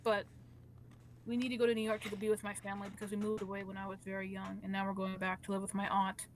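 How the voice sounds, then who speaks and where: A woman's voice: medium pitch, monotone, fast, a little hiss or hum. A woman making up a story on the spot in casual chat, rambling with restarts and asides. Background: guitar music.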